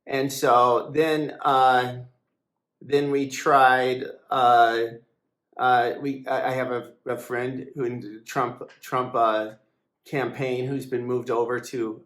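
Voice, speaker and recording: A man's voice: mid-range voice, flat delivery, a little slow, a bit bright. Hesitant man in an echoey room. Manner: hesitant, full of fillers and restarts; aggrieved, complaining. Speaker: website founder and editor. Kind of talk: casual monologue to camera.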